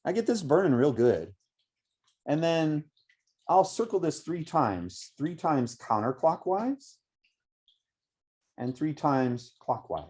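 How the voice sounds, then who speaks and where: Unhurried man teaching a meditation setup. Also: fairly high pitch, big pitch swings, darkish tone, slightly rough. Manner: unhurried, reflective, with frequent pauses and restarts. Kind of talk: spoken meditation instruction. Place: outdoors by woods.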